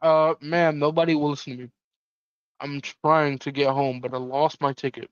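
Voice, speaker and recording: A man voicing a lost young ghost boy who talks softly and wistfully, a little slow. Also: fairly high pitch, little pitch movement, clean tone, dry recording, lo-fi sound, lightly acted. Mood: lonely.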